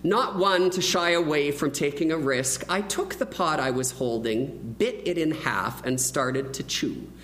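Animated man telling a sermon story. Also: a little high, a little slow, few pauses, a little hiss or hum, low-quality recording. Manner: animated storyteller who acts out the quoted voices. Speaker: preacher. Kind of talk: sermon with a personal childhood story.

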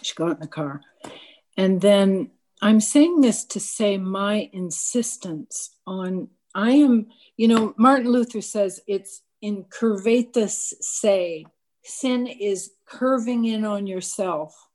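A woman's voice: medium pitch, takes it slowly. Woman telling a candid, self-mocking anecdote. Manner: candid, self-mocking storytelling with lively quoted dialogue; frequent stammered restarts. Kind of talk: personal anecdote told to a gathered audience.

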